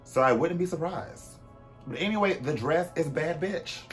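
A man hosting a vlog in casual, chatty commentary. He talks animatedly, with swooping pitch, sudden loud bursts and frequent fillers. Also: animated, moderate pace, soft background music. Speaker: vlog host.

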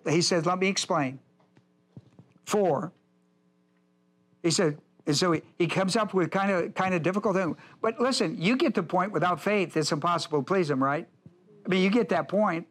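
A male pastor teaching a Bible lesson, emphatic and repetitive, speaking straight to his class. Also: on the high side. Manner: emphatic, repeats points, addresses the class directly.

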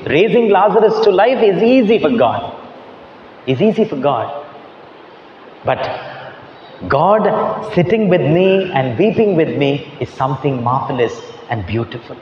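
A priest preaching in a cavernous echoing church. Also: male voice, fairly high pitch, slight background noise. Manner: emphatic preaching with heavy repetition. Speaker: Catholic priest. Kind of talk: sermon. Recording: echoey church hall, dull lo-fi sound.

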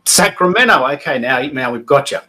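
A man's voice: medium pitch, lively intonation, fairly quick, bright, forceful tone. An Australian man hosting a live stream, chatty and upbeat, rambling with frequent restarts as he welcomes guests. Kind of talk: casual live stream chat.

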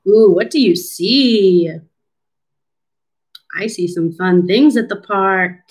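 A woman speech clinician reading a picture book aloud to young children, asking them questions and coaching syllable clapping in a slow, teacherly way. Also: mid-range voice, darkish tone, rough recording. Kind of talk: children's storybook read-aloud.

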